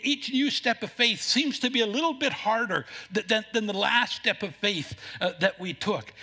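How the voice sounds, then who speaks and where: A man preaching a sermon as pastor, earnest, telling a story, with a few halting restarts. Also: sits high, sharp tone, husky.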